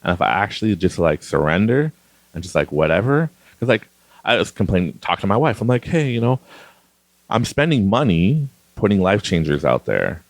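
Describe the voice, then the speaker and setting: Low, gravelly-voiced chatty man. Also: big pitch swings, fairly quick, no echo. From Canada. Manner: rambling, chatty, laughs often. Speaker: podcast host. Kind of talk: casual monologue.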